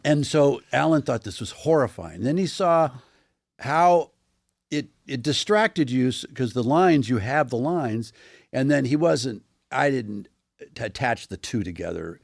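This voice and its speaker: A man in his sixties, a guest telling animated anecdotes in an interview, often restarting his sentences. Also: mid-range voice, a little slow, creaky, dry recording, clean studio sound. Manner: animated storyteller with many restarts. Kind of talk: interview storytelling.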